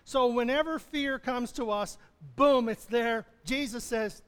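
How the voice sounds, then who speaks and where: A man with a notably high voice delivers a conversational sermon, chuckling and restarting his phrases as he goes. His voice rings out in a church sanctuary with long reverb. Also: a little slow, a bit bright, clear, resonant tone. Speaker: pastor.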